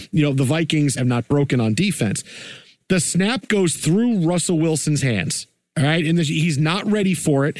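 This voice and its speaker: Animated higher-voiced male sports host. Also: no room sound. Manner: animated, conversational, filler-heavy. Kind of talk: casual game breakdown and storytelling.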